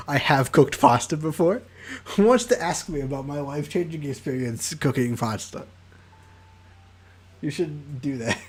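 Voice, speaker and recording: A man's voice: fairly high pitch, slightly rough. Rambling young male streamer. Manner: rambling, joking asides. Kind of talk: casual game playthrough commentary.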